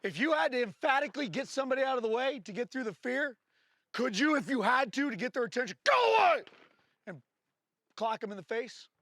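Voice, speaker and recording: A man with a strikingly high, bright and forceful voice runs a firearms training class. He explains drills in a loose, joking way, then snaps out short commands to the shooters. The sound is dry and close. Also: fast, no echo. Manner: barks short range commands, jokes between drills. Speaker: firearms instructor. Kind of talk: live training-class instruction.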